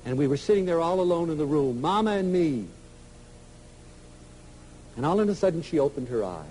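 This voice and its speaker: A man tells stories to a live audience in a high, lively voice that leaps up and drops to near whispers. The archival recording carries a faint hum behind him. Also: brisk, low-quality recording. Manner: emotional, storytelling, swings from loud to soft. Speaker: lecturer. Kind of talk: inspirational lecture to an audience.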